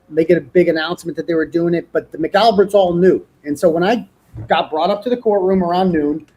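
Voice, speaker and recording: Middle-aged guest, high male voice, profane and animated. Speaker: interview guest. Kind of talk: casual interview.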